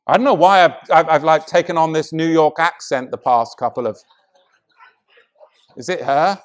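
A middle-aged man delivering a sermon, swinging between loud emphatic preaching and hushed, intimate passages. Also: fairly high pitch, lively intonation, moderate pace.

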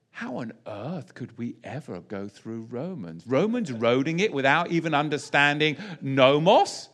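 Male preacher, higher-pitched and very animated, verse-by-verse sermon with rhetorical questions. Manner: animated, pitch swings widely, asks the audience rhetorical questions. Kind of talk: sermon teaching.

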